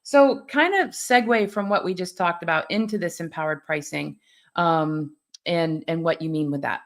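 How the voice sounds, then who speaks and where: A woman's voice: on the low side, normal speed. A woman hosting a conversational interview, encouraging her guest with frequent brief affirmations. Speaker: podcast host.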